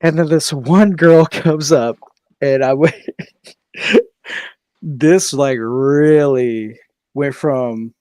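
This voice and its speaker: A young man telling a story in casual podcast chat, animated, swearing freely and acting out what people said. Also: on the high side, extremely slow, pauses often, no room sound. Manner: animated, swears freely, laughs often, acts out quoted voices. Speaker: podcast co-host.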